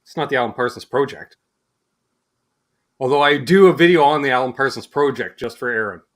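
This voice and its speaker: A man's voice: medium pitch, quick pace. A Canadian man hosting a casual livestream chat, telling joking stories. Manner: joking, animated storytelling. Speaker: host.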